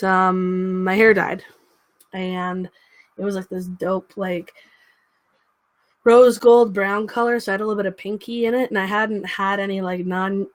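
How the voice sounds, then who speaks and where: A woman's voice: mid-range voice, dry recording. A young woman hosting a casual livestream, chatting to viewers and cooing baby talk to her dog. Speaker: livestream host.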